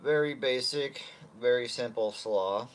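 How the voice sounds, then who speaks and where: A man's voice: mid-range voice, unhurried. A man hosting a casual cooking livestream, rambling and thinking aloud with many fillers.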